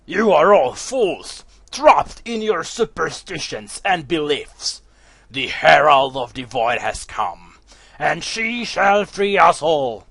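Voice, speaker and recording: A man voicing a scheming female naga sorceress in a card game playthrough, with a grandiose, slow, taunting delivery. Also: on the high side, sing-song, creaky, fairly bright tone, breathy edge, no room sound, full character voice.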